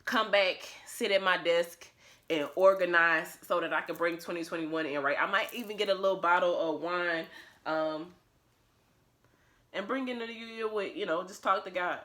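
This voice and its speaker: A woman's voice: fairly low pitch, normal speed, fairly bright tone. A woman talking to her phone camera at home in a casual vlog, blunt, profane and emphatic, laughing often. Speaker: vlogger.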